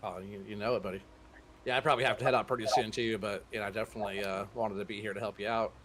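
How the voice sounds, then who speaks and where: A man's voice: lowish voice, steady tone, very fast, a bit bright, slight background noise. A man joining a game stream as a guest, chatting in a laid-back, rambling way. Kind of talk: casual chat.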